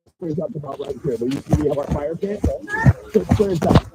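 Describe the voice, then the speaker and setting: A man's voice: a little high, fast talker, over loud music, low-quality recording. A man giving a heated, rambling account while walking his rural property, filmed on a handheld phone. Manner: rambling, heated, swearing, restarts often. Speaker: property owner making a public statement. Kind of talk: agitated outdoor livestream account. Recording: loud outdoor background noise.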